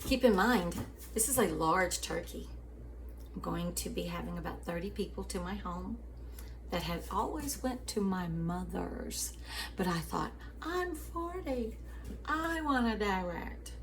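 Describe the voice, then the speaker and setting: A woman's voice: fairly low pitch, a little slow, vocal fry, a little hiss or hum. A woman host telling a story in a devotional chat, calling her listeners sweeties and family and often laughing.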